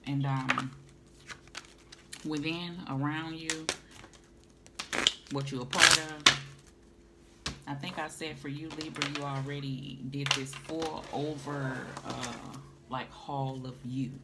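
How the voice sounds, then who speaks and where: A woman's voice: low voice, fairly even intonation, slow, pauses often. A woman, doing a casual tarot reading and calling the listener honey and baby. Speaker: tarot reader. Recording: noisy home recording.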